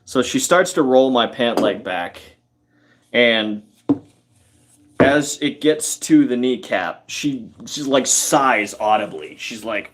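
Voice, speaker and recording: Slow, rambling man telling a story. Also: medium pitch. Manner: rambling, halting, many fillers and self-corrections; chuckles through the telling. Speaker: carpentry livestream host. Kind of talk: casual storytelling while working.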